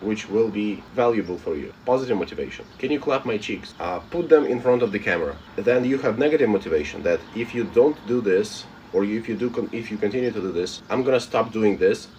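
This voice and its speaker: A man's voice: lowish voice, darkish tone, lo-fi sound, slight background noise. A man live-streaming who reads viewer comments aloud and answers them bluntly in a casual, unbothered way. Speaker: live streamer reading chat.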